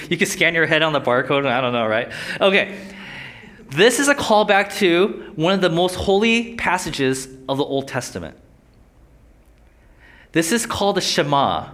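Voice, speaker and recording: This young man's fairly high voice swings widely in pitch, sounds a bit bright, and moves at normal speed. He teaches a Bible lesson like a casual sermon, conversational and full of questions for his listeners.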